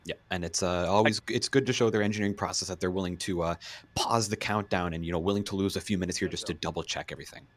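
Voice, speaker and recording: A man co-commentating on a live launch, making quick, enthusiastic remarks. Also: low-pitched, fairly even intonation.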